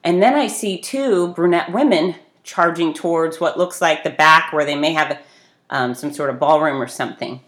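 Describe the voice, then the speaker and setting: A woman telling a casual story with a lively, self-deprecating manner. Her voice sits a little low for a woman, and she swings it up sharply whenever she acts out the people in her story. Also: moderate pace. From grew up on the beach. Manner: animated storyteller, voices people in the story with big pitch jumps. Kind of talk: casual anecdote.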